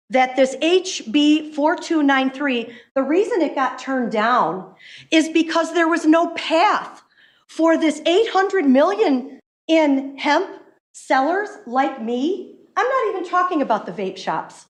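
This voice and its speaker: A woman giving an impassioned public comment at a council meeting as a hemp business owner, emphatic and quick. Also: sits high, lively intonation. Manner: impassioned, emphatic, fast-talking. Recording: echoey meeting room.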